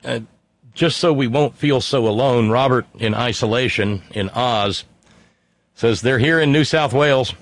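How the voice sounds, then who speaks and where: A man's voice: medium pitch, measured pace, dry recording. A middle-aged man from West Virginia, hosting a casual talk show in a sardonic, profane monologue while reading listener emails aloud. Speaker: podcast host.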